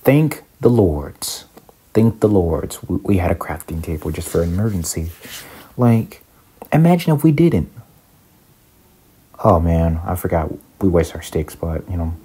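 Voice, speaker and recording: Panicky low-voiced young gamer guy. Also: normal speed, long pauses, slightly rough. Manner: excitable, panicky, talks to viewers. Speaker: gaming YouTuber. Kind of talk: casual Minecraft let's play commentary.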